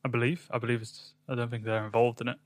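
A man's voice: medium pitch, little pitch movement, fast talker, dry recording. Guy rambling on a music podcast, lots of ums, dry close sound. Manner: rambling, hesitant with many ums. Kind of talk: casual chat.

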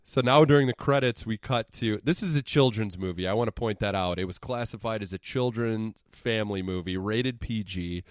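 Young male podcaster, low voice, dry close sound; sarcastic, profane recap delivery. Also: normal speed, hardly any pauses, dry recording. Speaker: podcast co-host. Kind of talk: casual podcast movie recap.

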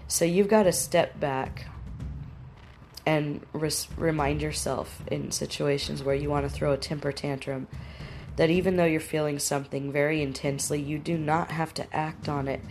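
A woman with a low, mellow voice teaches about relationship habits. She speaks plainly and directly, giving firm, practical steps. There is a faint hum of room ambience behind her. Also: fairly even intonation, normal speed. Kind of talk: instructional talk to camera.

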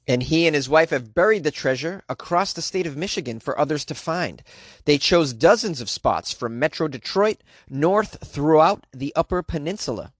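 A man reading quirky news items aloud with a sarcastic, jokey running commentary, laughing at his own bits. His voice sits on the higher side, and the recording is close and dry with no room sound. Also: no room sound. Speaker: host.

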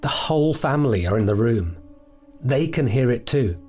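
A man's voice: mid-range voice, lively intonation, moderate pace, darkish tone, faint music behind. A man hosting and narrating an investigative documentary podcast in a reflective, earnest way.

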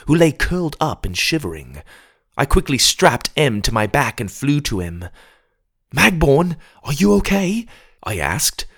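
A man narrating a fantasy storybook in the first person with a dramatic, animated reading. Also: fairly low pitch.

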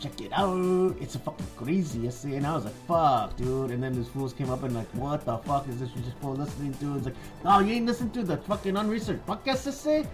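A man's voice: high voice, big pitch swings, rapid-fire, few pauses, faint music behind, pitched above the performer's own voice. A man putting on a brash street homie. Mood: swaggering. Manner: slangy, boastful, loud bursts. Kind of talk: comic podcast bit.

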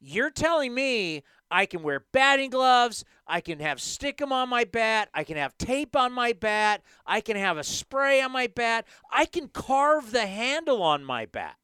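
Animated male sports talk host. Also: very high voice, a little slow, few pauses, smooth, no echo. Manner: animated, emphatic ranting.

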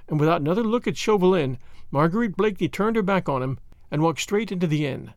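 A man narrating a classic novel with an expressive, dramatic reading. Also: high-pitched, fast talker, no room sound, studio quality. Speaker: audiobook reader.

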